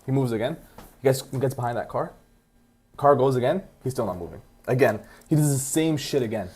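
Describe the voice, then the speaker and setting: A man's voice: mid-range voice, fairly quick, a little mellow, husky. A young man co-hosting a podcast, rambling through a story in casual chat, full of "like". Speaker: podcast co-host.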